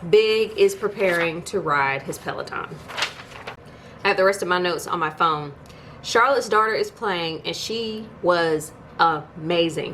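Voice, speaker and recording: A YouTube TV reviewer with a slightly low yet fairly bright voice gives a casual, chatty recap of an episode. She narrates conversationally, interrupting herself with incredulous asides, over a faint hiss.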